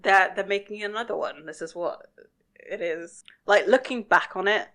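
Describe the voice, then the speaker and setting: A woman co-hosting a podcast, casually talking through a TV episode, relaxed and quick to giggle. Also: medium pitch. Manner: relaxed, giggly, thinks aloud. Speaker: podcast co-host. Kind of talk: casual chat about a TV episode.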